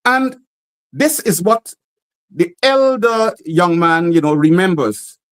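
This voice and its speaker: A Guyanese playwright with a Guyanese accent, telling animated stories in an interview and acting out the voices of the people in them. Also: male voice, high-pitched, takes it slowly, clean tone, poor audio. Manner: animated, acts out quoted voices. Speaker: playwright guest. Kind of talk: interview storytelling.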